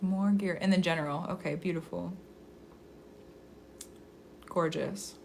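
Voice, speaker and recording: A woman astrologer chatting on a live stream and giving readings, effusive and quick to laugh, sometimes slowing into a soft invocation. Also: on the low side, steady tone, vocal fry, slight background noise. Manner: effusive, gushing, laughs often.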